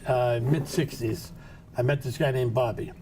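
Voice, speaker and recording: A man's voice: mid-range voice, steady tone, normal speed, mellow, slight background noise. An older man, casually telling a long anecdote as a show's co-host, laughing now and then. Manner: gravelly, laughs while telling stories. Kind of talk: casual storytelling.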